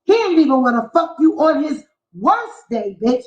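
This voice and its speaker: Woman ranting and cussing on her vlog, high voice, dull muffled sound. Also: sing-song, normal speed, a little mellow. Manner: profane, heated, mocking rant. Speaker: vlogger. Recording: echoey, dull lo-fi room sound.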